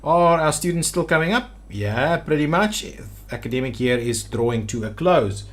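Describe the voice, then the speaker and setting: A man's voice: a little high, lively intonation, normal speed, a bit bright. A man giving gameplay commentary on a city-building game, thinking aloud with hesitant restarts as he builds. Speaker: city-builder video creator.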